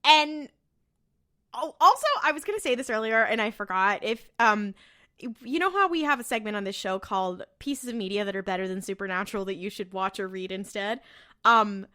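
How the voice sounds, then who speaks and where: Bright-voiced woman recapping excitedly. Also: mid-range voice, a little fast. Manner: animated, swearing, acting out characters' lines. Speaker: podcast co-host. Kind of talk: casual chat recapping a TV episode.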